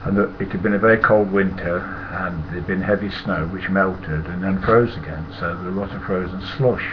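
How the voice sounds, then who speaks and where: A man's voice: low voice, a little fast. An older man with a Nottingham accent, telling casual, rambling anecdotes, chuckling and swearing freely. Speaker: storyteller. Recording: muffled lo-fi with loud hiss.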